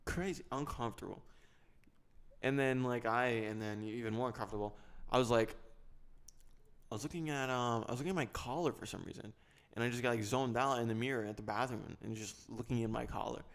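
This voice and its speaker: Gravelly man rambling on a podcast. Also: mid-range voice, fairly quick. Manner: rambling, joking, self-mocking. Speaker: podcast host. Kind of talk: casual solo podcast chat.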